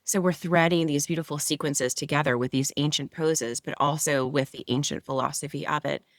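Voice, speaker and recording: A woman with a mid-low, even voice talks as a guest yoga mentor, her explanations flowing and eager. The sound is dry and close, with no room around it. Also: fairly quick, no room sound. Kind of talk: interview conversation.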